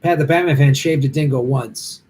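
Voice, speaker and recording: A middle-aged stand-up comic with a mid-range, slightly mellow voice speaks at a moderate pace. He's hosting a live Q&A stream from a hotel room, answering viewer comments in a blunt, impassioned, rambling way.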